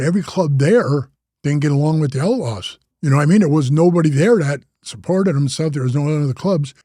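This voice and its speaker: A man's voice: a little high, mellow, no echo, studio quality. An older man from Wisconsin, a former biker club president, telling long rambling stories in a casual, slangy way. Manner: rambling, slangy, says "bro" and "man" a lot. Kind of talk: casual storytelling.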